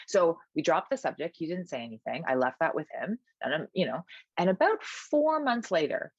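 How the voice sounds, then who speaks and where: Trainer lady chatting on a podcast, fast and emphatic, lots of "like", kinda muffled dry sound. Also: low-pitched, slightly rough, no room sound. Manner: energetic, emphatic, many "like" fillers and restarts. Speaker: personal trainer, podcast guest. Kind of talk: conversational podcast interview.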